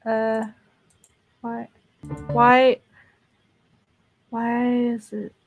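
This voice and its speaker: A woman's voice: on the high side, completely flat delivery, extremely slow, soft background music. Tired young woman rambling on a stream. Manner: rambling, repeats words, frequent laughs and fillers. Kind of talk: casual live-stream chat. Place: bedroom at home.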